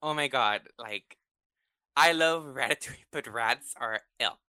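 A man hosting a casual podcast chat, excitable and swearing freely, with sudden high bursts of laughter. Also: a little slow, clean tone, no room sound. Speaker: podcast host.

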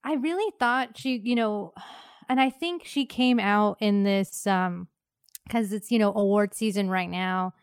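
A woman's voice: mid-range voice, a little slow, clear, resonant tone, no room sound, clean studio sound. A woman from Texas co-hosting a casual movie chat, rambling with lots of restarts. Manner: rambling, many fillers and restarts, laughs often. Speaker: podcast co-host.

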